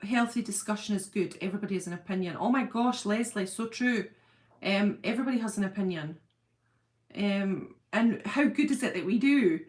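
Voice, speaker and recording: A woman's voice: mid-range voice, moderate pace, a little mellow. A middle-aged woman hosting a live chat, talking casually and reading out viewer comments, rambling and laughing often. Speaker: livestream host.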